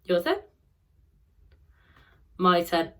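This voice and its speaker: A woman's voice: fairly low pitch, big pitch swings, extremely slow. Sing-song woman teaching phonics. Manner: bright sing-song praise, call-and-response drilling. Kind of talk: recorded phonics lesson for children.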